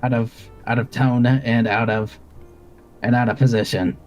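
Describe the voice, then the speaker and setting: A man's voice: mid-range voice, fairly even intonation, normal speed, soft background music. Formal, stammering male player. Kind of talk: in-character role-play.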